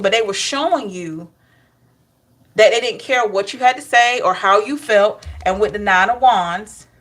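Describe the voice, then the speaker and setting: Chatty woman reading tarot. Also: medium pitch. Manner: chatty, animated, laughs and asides to chat. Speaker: tarot reader. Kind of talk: casual tarot reading to viewers.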